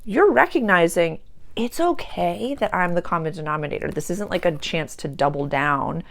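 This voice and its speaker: Chatty woman with a gravelly low voice. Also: moderate pace. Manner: chatty, animated, acts out quoted voices. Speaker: spiritual coach and channel host. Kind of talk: casual spiritual talk.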